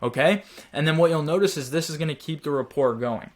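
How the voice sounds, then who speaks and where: A man's voice: fairly high pitch, a little fast. A man teaching a sales training lesson in a direct, coaching manner, urging his listeners on.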